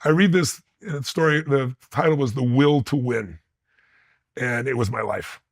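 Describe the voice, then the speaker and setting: A man's voice: medium pitch, unhurried, dry recording. A man being interviewed, telling personal stories with intensity and blunt emphasis. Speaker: interview guest. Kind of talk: animated personal storytelling.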